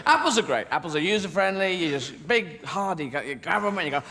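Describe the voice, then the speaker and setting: A man's voice: sits high, expressive, moderate pace. A man doing stand-up comedy on stage, rambling through absurd tangents, swearing, and slipping into silly voices. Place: stage at a live show. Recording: live show with loud background noise.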